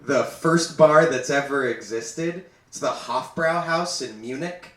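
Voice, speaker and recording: Male comedian, 20s, animated storyteller, live stage sound with a roomy echo. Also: medium pitch, measured pace, far from the mic. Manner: animated, laughing through his own story. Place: stage in a venue.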